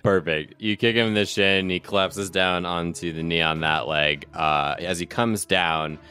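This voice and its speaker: Meneur de jeu décontracté, timbre grave et brillant. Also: male voice, deep voice, steady tone, unhurried, sharp tone. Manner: casual, full of "like" fillers, laughs often. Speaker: game master. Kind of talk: narrating a tabletop game.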